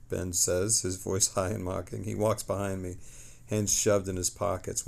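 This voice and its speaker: A man streaming live, reading lore passages aloud with excitable, chatty asides. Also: low voice, moderate pace, vocal fry. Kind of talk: casual lore reading on a livestream.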